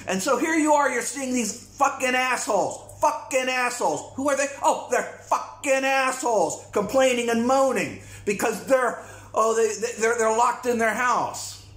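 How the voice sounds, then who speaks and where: A man's voice: very high voice, moderate pace, few pauses, fairly bright tone. A man delivering a blunt, repetitive, profane rant to camera as a vlogger. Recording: echoey room.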